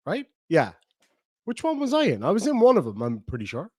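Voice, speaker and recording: Reading viewer comments on his livestream, a middle-aged Irish man rambles and jokes in a chatty, casual way. His voice sits high with huge pitch swings and a brisk pace, recorded dry with clean studio sound.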